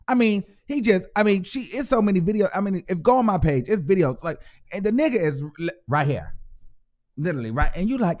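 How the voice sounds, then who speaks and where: A man's voice: high-pitched, brisk. A man hosting his own show, giving a casual, profane commentary and acting out the people he talks about. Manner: animated, profane, acts out quoted voices. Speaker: host.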